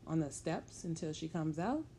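A woman's voice: low-pitched, big pitch swings, moderate pace, dark tone, slight background noise. A woman voicing a polite, wary seven-year-old boy in a spoken story.

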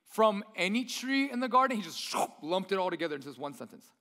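Young pastor guy preaching casual, kinda high voice, big hall echo behind him. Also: very animated, fast talker, pushed and bright. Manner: conversational preaching, acts out tempter's voice. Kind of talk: sermon.

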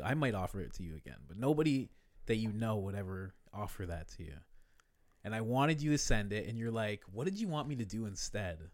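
Low-voiced guy just chatting, swears a lot, laughs a lot, pitch jumps all over, loud then quiet. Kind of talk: casual chat.

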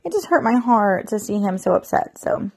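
A woman's voice: mid-range voice, lively intonation, normal speed, gravelly, darkish tone, slightly rough, dry recording. A woman in her thirties talking casually to the camera from her bed at home, chatty and rambling, sounding mentally exhausted. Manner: chatty, rambling, lots of "like" and "you know". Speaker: mom vlogger.

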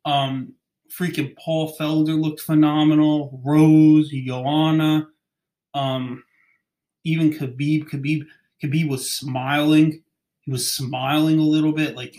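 A man's voice: a little high, little pitch movement, takes it slowly, warm tone. A young man hosting a podcast, chatting casually, rambling and ranting, often stumbling over names. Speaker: podcast host. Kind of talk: casual chat.

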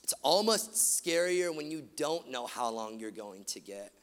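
A man preaching a sermon, animated, swinging from loud emphatic lines to quiet, hushed ones. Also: mid-range voice, a little slow. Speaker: pastor. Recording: long hall reverb.

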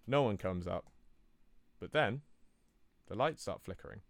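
A man telling an improvised comic story in a rambling, deadpan way, correcting himself as he goes. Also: fairly low pitch, measured pace, gravelly, no room sound. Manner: rambling, deadpan, self-interrupting.

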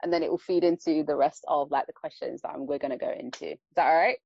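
A woman's voice: low voice, fairly even intonation, fast talker, creaky, a little mellow, muffled recording. A woman hosting an interview in a bubbly, talkative way, often laughing. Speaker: host.

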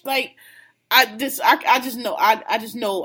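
A woman's voice: mid-range voice, sing-song, moderate pace, sharp tone, breathy edge. A woman co-hosting a casual podcast, gossiping bluntly about reality TV with lots of slang and laughter. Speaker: podcast co-host.

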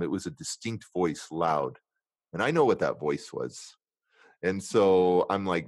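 A middle-aged man, a guest in a conversation, candidly telling a painful personal story in an earnest, emotional way, dropping low and quiet at the hardest moments and acting out his inner dialogue. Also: lively intonation, a little slow, dry recording. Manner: acts out inner dialogue in different tones.

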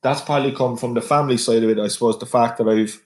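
A man, a podcast guest chatting in a relaxed, easygoing way. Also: medium pitch, quick pace. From Ireland. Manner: relaxed, easygoing, says mate often. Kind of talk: casual chat. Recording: roomy echo.

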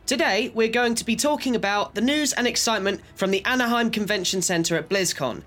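A man's voice: high voice, a little fast, sharp tone, faint music behind. A man with an Irish accent, co-hosting a podcast in a chatty, joking, rambling way. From Ireland. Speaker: podcast co-host. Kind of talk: casual chat.

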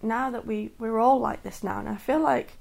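A woman's voice: a little high, normal speed, creaky. A woman in her thirties speaking candidly and earnestly in a personal podcast monologue. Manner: candid and earnest, many restarts and soft laughs. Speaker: podcast host.

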